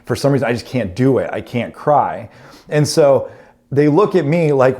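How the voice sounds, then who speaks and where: Man, pastor, thirties, sermon storytelling, self-deprecating humor, mid pitch. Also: normal speed, darkish tone.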